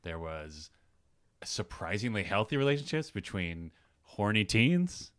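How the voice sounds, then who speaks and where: A man's voice: on the low side, big pitch swings, unhurried, a bit bright. A man co-hosting a podcast, chatting casually in a rambling, joking way. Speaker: podcast co-host. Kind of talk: casual chat.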